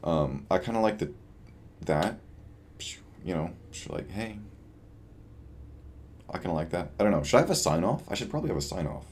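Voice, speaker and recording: A young man with a very low, deep voice chats through a late-night video diary. He sounds tired and rambles, often trailing off with a shrug in his voice. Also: animated, fast, darkish tone, slight background noise. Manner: rambling, self-deprecating, trails off. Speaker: vlogger.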